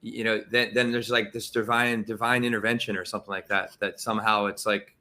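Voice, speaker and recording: A man's voice: on the low side, level tone, fairly quick, bright, forceful tone. A man hosting a podcast, chatting casually and a bit rambling with his guest. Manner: friendly, rambling, filler-heavy. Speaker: podcast host. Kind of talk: casual interview chat.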